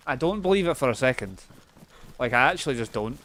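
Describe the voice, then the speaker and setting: A man's voice: medium pitch, animated, fast talker, fairly bright tone. A Scottish man live streaming a game, chatting casually and swearing freely as he thanks viewers. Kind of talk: casual gameplay chat.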